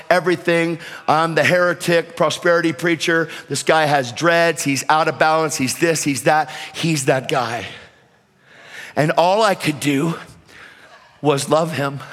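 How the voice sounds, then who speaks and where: A man from the United States preaching a sermon, fervent, swinging between shouted calls and hushed storytelling. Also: on the high side, in a large hall.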